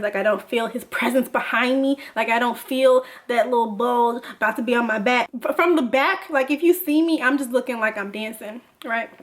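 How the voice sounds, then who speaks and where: A young woman vlogger telling a casual story, animated and laughing, full of "like". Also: fairly high pitch. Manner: animated, laughing, lots of filler "like".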